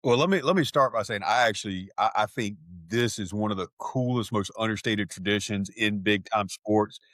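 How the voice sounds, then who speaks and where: A man's voice: on the low side, normal speed, a bit bright, no echo. A man co-hosting a podcast in casual chat, rambling and hesitant, with many restarts. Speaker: podcast co-host.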